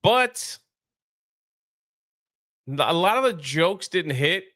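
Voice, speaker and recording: A man co-hosts a casual movie review show, rambling in a laid-back way packed with fillers. His voice sits high with big pitch swings, a slow pace and a sharp tone, recorded in clean studio sound with no room sound.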